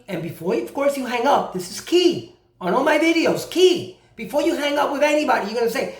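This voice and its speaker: A man giving a casual how-to talk as a credit repair advisor, animated and repeating key points, acting out both sides of phone calls. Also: very high-pitched, normal speed. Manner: repeats himself for emphasis. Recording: roomy echo.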